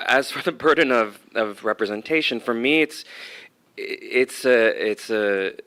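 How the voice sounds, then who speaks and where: A man's voice: mid-range voice, a little slow, a bit bright. A man from the United States, an actor and dramaturg, speaking thoughtfully on a panel with some hesitations. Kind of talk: reflective panel talk.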